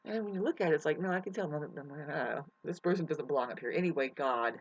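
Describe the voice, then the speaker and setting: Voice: medium pitch, fast talker, highs cut off. A vlogger ranting emotionally to camera outdoors in the mountains, swearing and rambling. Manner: emotional, profane, restless.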